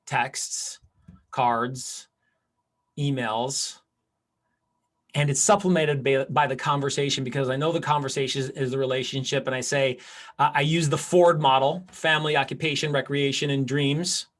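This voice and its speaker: A man teaching a live class as a real estate coach, talking energetically and restarting often. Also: a little high. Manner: energetic, animated, with many restarts.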